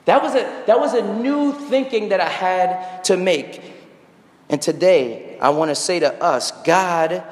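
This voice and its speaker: A man's voice: high-pitched, a little slow, darkish tone, roomy sound, big-room sound. A man in his thirties preaching a sermon as a guest preacher, telling a personal story with earnest rhetorical asides. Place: church sanctuary.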